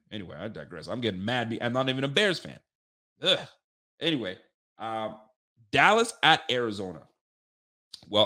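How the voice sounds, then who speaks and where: A man's voice: on the low side, a bit bright. A man hosting a sports podcast, giving casual football picks and venting animatedly, swearing and talking straight to his listeners.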